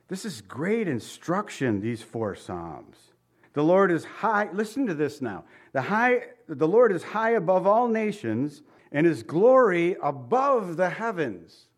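A man preaching a sermon, his voice sitting a touch higher than most men's. He swings between reading scripture aloud and animated, chuckling asides to the congregation. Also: slow. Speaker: pastor.

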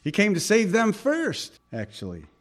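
A man preaching a sermon. He fires off rhetorical questions, then drops suddenly to a hush. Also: sits high, huge pitch swings, normal speed. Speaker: pastor.

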